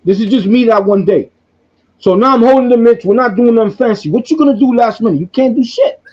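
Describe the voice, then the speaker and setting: Man host, high voice, muffled sound, animated profane storyteller. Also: fast. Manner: excitable, profane, repeats himself.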